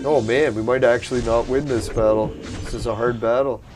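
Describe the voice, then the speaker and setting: A man talks through his game at a middle pitch, casual and a little hoarse from losing his voice. He bursts out with curses and cheers at the action. Clear music plays behind him. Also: normal speed. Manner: cursing, excitable reactions to the game. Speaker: gameplay commentator. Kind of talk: casual gameplay commentary.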